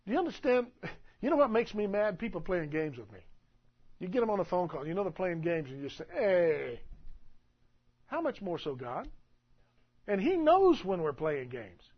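Husky high-voiced preaching man. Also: very animated, normal speed, highs cut off. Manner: emphatic preaching, swings loud and soft. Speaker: pastor. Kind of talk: sermon.

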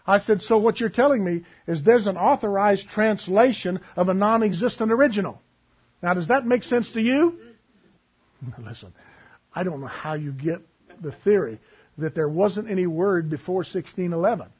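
A man preaching a sermon, telling stories and acting out both sides of a conversation in a husky voice. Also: high voice, lively intonation, moderate pace, lo-fi sound.

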